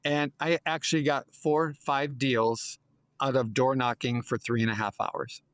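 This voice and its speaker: A man's voice: medium pitch, a little slow, smooth, no room sound. A man in his sixties, a real estate agent telling a story as an interview guest, acting out dialogue with a lifted voice. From United States. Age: 60s. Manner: lively, acts out dialogue in a raised voice.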